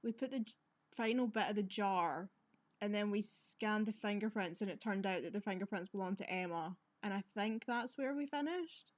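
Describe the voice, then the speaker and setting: A woman's voice: medium pitch, moderate pace, highs cut off. Chatty woman streamer. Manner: chatty, laughs often, self-deprecating. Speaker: let's-play streamer. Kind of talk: casual game commentary and reading dialogue aloud.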